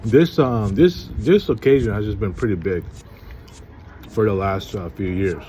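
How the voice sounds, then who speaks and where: Weary rambling man, lowish voice. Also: dark tone, a little hiss or hum. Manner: halting, rambling, weary and frustrated. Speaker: vlogger. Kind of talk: casual rambling monologue.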